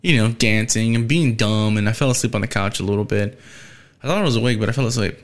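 A man's voice: on the low side, fast talker. A young man talking as a podcast host in casual, rambling chat, swearing often as he vents his annoyance.

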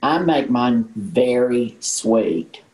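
A woman's voice: extremely low pitch, expressive, drawn-out words, warm tone, reverberant, low-quality recording. A woman in her sixties with a Southern American accent, a folksy guest who tells stories and laughs often. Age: 60s. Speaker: guest, actress. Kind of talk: casual chat.

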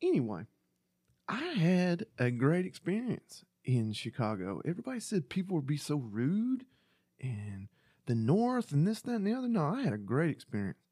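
A man co-hosting a podcast in casual chat, excitable and profane, laughing often. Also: fairly high pitch, normal speed, slightly rough, no room sound, clean studio sound. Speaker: podcast co-host.

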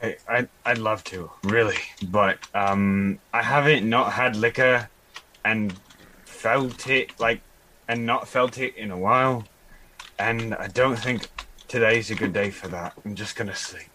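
Man, sleepy, tired, bright voice, keyboard clicks behind. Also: on the low side, a little slow, slight background noise. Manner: tired, apologetic. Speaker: player.

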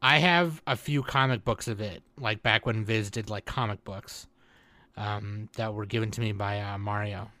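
A man's voice: on the low side, fairly even intonation, moderate pace, bright, forceful tone, no room sound. A man hosting a podcast in casual chat, loose and joking, full of "like" and "dude" fillers. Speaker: podcast host.

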